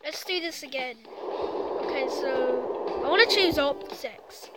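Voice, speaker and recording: A woman commenting on a physics game she is playing, excitable and teasing, trash-talking the crash dummy on screen. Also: high voice, measured pace. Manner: excitable, shouts and trash-talks the game character. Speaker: gameplay commentator. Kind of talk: excited let's-play commentary. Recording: loud game music behind.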